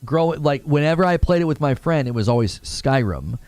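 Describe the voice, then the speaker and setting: A man's voice: on the high side, fast talker, darkish tone, dry recording, faint music behind. A man chatting casually on a gaming live stream, rambling and correcting himself as he talks. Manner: rambling, self-correcting, laughs often.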